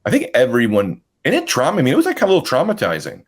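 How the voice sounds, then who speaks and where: A man co-hosting a podcast, telling a profane, animated story in casual chat. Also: medium pitch, very fast. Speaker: podcast co-host.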